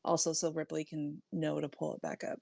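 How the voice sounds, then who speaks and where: A woman playing a tabletop game, calmly explaining what her character does. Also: low voice, fairly quick, creaky, dry recording, clean studio sound. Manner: matter-of-fact, explaining her moves. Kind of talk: casual chat.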